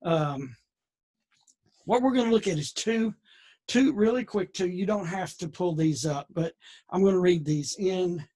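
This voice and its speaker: A man's voice: high voice, a little slow, warm tone. A man leading a conversational Bible lesson, folksy and digressive with many restarts. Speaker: Bible teacher.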